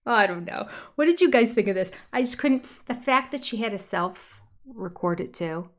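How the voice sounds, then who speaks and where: Speaking at a moderate pace in an animated mid-range voice, this older woman hosts a relaxed livestream reviewing reality TV. She's gossipy and exasperated, now and then slipping into a mocking whisper.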